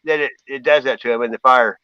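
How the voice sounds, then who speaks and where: A man's voice: mid-range voice, steady tone, quick pace, clean tone, no echo, highs cut off. A man, hosting a casual livestream and trading crude, loose banter. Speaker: livestream host.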